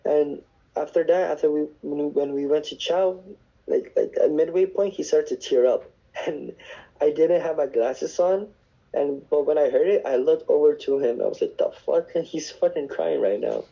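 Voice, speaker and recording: Gravelly young man telling stories. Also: on the high side, normal speed, dark tone, dull audio. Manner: rambling, swears often, restarts. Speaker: podcast guest, navy sailor. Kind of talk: casual storytelling. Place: dorm room on base.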